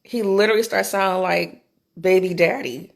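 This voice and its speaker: A middle-aged woman telling a candid personal story into her phone for a vlog, animated and swearing freely. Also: medium pitch, normal speed, vocal fry. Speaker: vlogger.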